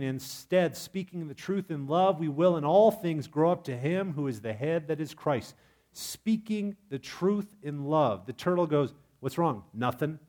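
A man preaching a sermon in a lively, humorous way, asking his congregation questions. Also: a little high. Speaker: pastor.

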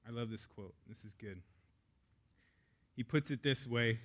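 A man's voice: medium pitch, measured pace, long pauses, fairly bright tone. A male pastor preaching a sermon in a casual, candid way, with joking asides.

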